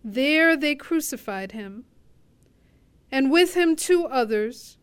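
A woman reading a scripture passage aloud in a slow, measured way. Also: high-pitched, expressive. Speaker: scripture reader.

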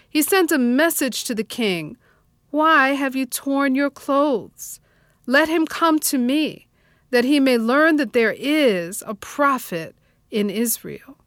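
A woman reading scripture aloud in a slow, measured liturgical style. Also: sits high, a bit bright, dry recording, clean studio sound. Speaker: scripture reader.

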